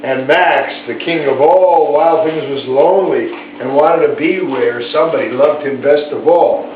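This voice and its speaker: A man reading a picture book aloud to his pet bird at home, gentle and chatty, stopping for asides to his pet. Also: on the high side, normal speed. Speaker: storybook reader to a pet bird. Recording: tinny, echoey, from far off, faint hiss.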